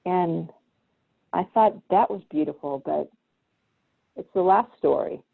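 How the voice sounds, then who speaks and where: A woman guest, her voice on the low side, gravelly and slightly breathy, talks slowly as she tells stories in casual conversation. She animatedly performs the quoted voices, and the video-call audio is tinny and phone-like.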